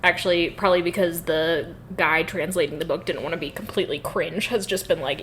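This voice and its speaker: A woman's voice: lowish voice, steady tone, a little fast, fairly bright tone, a little hiss or hum, low-quality recording. A woman co-hosting a podcast, talking in chatty casual conversation, swearing freely and laughing often. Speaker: podcast co-host. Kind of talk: casual chat.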